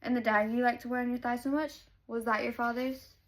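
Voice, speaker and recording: A teasing, cocky young man from a novel, read aloud by a woman in her own fairly high voice. The lines come lightly acted, with a smug edge. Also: fairly even intonation, fast talker, close to an everyday voice.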